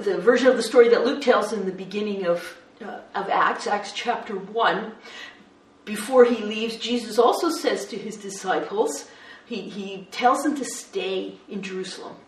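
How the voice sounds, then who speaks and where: A woman preaching a sermon, retelling a story, shifting between hushed and lively. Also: medium pitch. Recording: roomy echo, distant mic.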